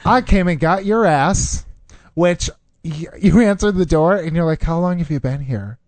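A man's voice: a little high, normal speed, a little mellow, no room sound. A man telling a story in casual chat, teasing, laughing and swearing.

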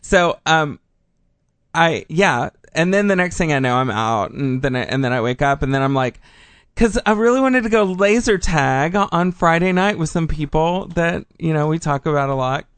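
Animated man telling a story. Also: a little high, normal speed, clean tone, dry recording. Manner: animated, laughing, rambling. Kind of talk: casual storytelling chat.

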